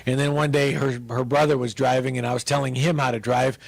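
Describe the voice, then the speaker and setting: A middle-aged male pastor telling a humorous personal story in a relaxed, conversational sermon. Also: medium pitch, fairly quick, vocal fry, dry recording.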